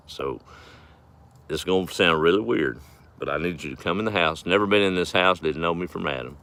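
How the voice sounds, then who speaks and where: A man's voice: low voice, brisk, vocal fry, bright, forceful tone. A man telling folksy farm stories on a casual livestream, chuckling as he rambles. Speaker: farm vlogger.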